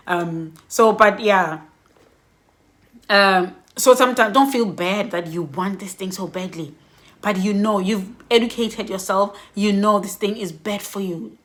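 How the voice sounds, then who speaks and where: A middle-aged woman giving candid, reflective personal advice in a vlog, laughing softly between points. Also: mid-range voice. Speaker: vlogger.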